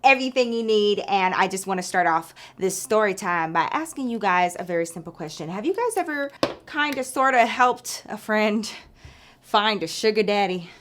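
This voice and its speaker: A woman vlogger telling a casual story-time tale to her viewers, animated, chatty and freely swearing. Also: medium pitch, moderate pace, slight background noise. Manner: animated, chatty, profane, addresses viewers as bestie.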